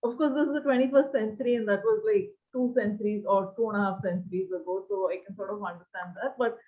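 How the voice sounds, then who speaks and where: A woman's voice: mid-range voice, fairly even intonation, fast. Chatty woman over a tinny line. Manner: chatty, lots of fillers like 'like'. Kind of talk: casual group discussion. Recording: tinny phone-like call line.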